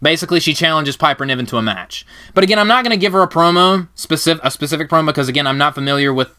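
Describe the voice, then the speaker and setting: Podcast host, high lively voice, bright tone, narrates wrestling matches. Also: male voice, rapid-fire. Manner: animated, jokey, laughs loudly.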